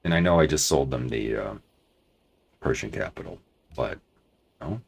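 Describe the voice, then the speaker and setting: Very deep gravelly man planning his game moves. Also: expressive, normal speed. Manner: thinking aloud, restarts and hedges while planning. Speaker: let's play commentator. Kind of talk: casual strategy game commentary.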